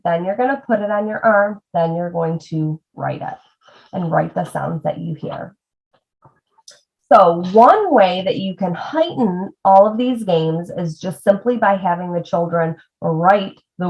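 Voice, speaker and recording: A woman reading tutor teaching parents a sound-tapping reading game, breaking words slowly into their sounds and talking straight to the viewer. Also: lowish voice, darkish tone. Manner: demonstrating sounds slowly, addressing parents directly. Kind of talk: instructional video lesson. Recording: slightly dull lo-fi video audio.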